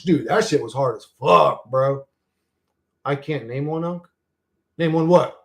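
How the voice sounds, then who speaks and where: A man's voice: on the high side, animated, slow. A man hosting a casual livestream, reading chat comments and ranting in a profane, heated, rambling way. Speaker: channel host reading live chat.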